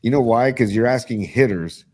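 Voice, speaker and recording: A man hosting a casual sports chat on a live stream, opinionated and excitable, with lots of fillers and restarts. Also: medium pitch, normal speed. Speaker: podcast host.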